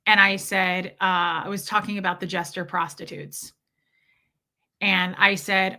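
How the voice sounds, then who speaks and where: A woman frankly telling a painful personal story, uneasy and halting at times, with some swearing. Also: medium pitch, fairly even intonation, pushed and bright. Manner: uneasy, halting and self-correcting.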